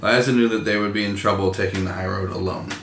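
A man hosting a casual book discussion, reading plot summaries aloud in a relaxed, joking way. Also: low-pitched, fast talker. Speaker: podcast host. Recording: roomy with faint noise.

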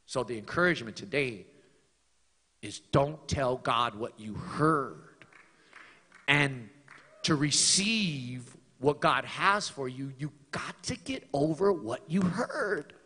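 A man's voice: mid-range voice, animated, takes it slowly, bright, forceful tone, husky, big-room sound. A man preaching a sermon in a church, building to emphatic, repeated lines. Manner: preaching with swelling emphasis and repetition. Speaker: pastor. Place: church sanctuary.

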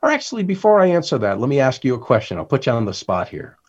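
A man's voice: medium pitch, huge pitch swings, fast talker, husky, highs cut off. A man, an author and workplace trainer, talking as a podcast guest who acts out the lines he quotes.

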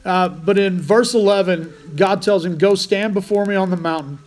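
Man, pastor sermon, high voice, conversational, restarts phrases. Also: normal speed. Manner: conversational preaching with frequent restarts.

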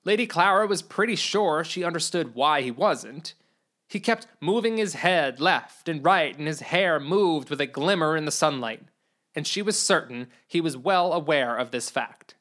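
A narrator reading a comic storybook tale in an expressive, even way. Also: medium pitch, moderate pace.

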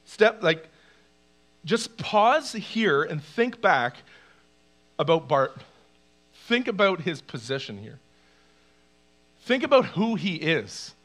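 A male pastor preaching a sermon, animated, acting out cries and shouts from the story. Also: on the high side, slow pace, pauses often. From Canada.

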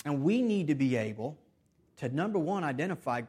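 A man preaching a sermon earnestly, with restarts and repeated phrases, swinging between loud emphasis and soft, hushed stretches. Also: fairly high pitch, big pitch swings, fairly quick, breathy edge. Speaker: pastor.

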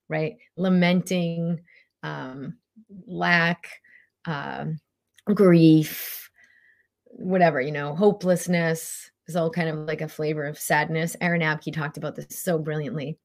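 A woman's voice: low-pitched, steady tone, takes it slowly. A middle-aged woman, a spiritual coach, talking casually and animatedly, full of fillers and acted-out quotes. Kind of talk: casual motivational talk.

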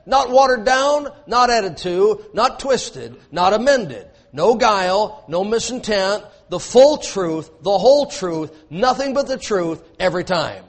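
A man's voice: sits high, expressive, a little slow, few pauses. A man preaching a sermon, emphatic and repetitive, with joking asides to his congregation.

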